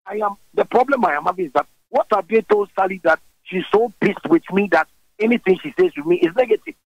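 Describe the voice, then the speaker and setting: A man with a Ghanaian English accent, a guest in a radio interview, talking in a forceful, animated way and switching languages mid-sentence. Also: high voice, quick pace, dry recording, muffled recording.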